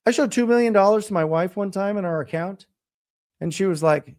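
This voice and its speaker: Animated middle-aged man giving motivational talk. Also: high voice, brisk. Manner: animated, emphatic repetition. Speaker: real estate coach and show host.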